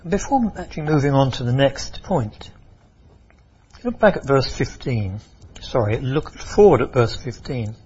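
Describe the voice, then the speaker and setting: A man preaching a sermon, emphatic and expressive, often repeating and restarting phrases. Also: medium pitch, measured pace, breathy edge, dull audio.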